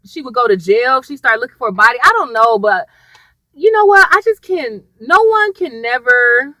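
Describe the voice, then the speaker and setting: A woman's voice: on the high side, expressive, moderate pace, sharp tone, no echo, poor audio. A woman chatting through a TV episode recap, rambling and wandering off on tangents while talking to her viewers. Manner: addresses viewers as "y'all". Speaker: TV episode reviewer.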